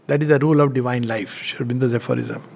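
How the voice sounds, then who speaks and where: A man's voice: medium pitch, fairly even intonation, racing, vocal fry, a little mellow. A middle-aged man giving a spiritual talk, telling anecdotes with frequent chuckles. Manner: chuckles often while telling stories. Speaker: spiritual speaker.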